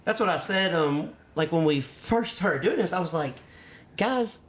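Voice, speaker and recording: A man's voice: fairly high pitch, lively intonation, normal speed. A man hosting a casual podcast chat, a former racer who talks loosely, laughs often and swears casually. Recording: echoey room.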